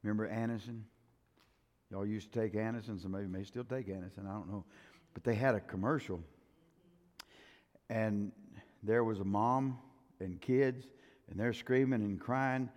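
An older man preaching a sermon in a folksy style, acting out quotes and swinging between loud and soft. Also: mid-range voice. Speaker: pastor. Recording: long reverb of a church hall.

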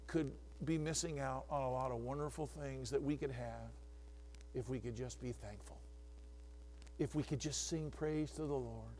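A male pastor preaching a sermon, calling on congregants by name and swinging from hushed asides to shouts. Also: a little high, big-room sound.

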